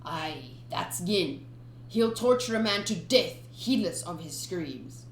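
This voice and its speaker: A boastful pirate admiral, as a woman puts him on, speaking low and slow with a gloating edge. The voice rings in an echoey room with faint hiss behind it. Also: expressive.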